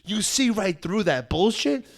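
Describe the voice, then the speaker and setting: A fairly high-voiced man tells road-trip stories on a podcast. He swears constantly, talks in an animated rush and slips into mocking put-on voices. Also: unhurried, creaky. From New York. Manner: profane, animated storytelling; puts on mocking voices in quotes. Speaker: podcast co-host. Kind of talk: casual chat.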